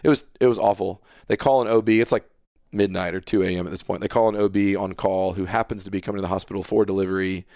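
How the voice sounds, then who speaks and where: This podcast guest, a pastor in his thirties, earnestly relates a personal story in casual conversation, animatedly reenacting who said what. His voice is low-pitched and quick, and the clean studio sound carries no room sound.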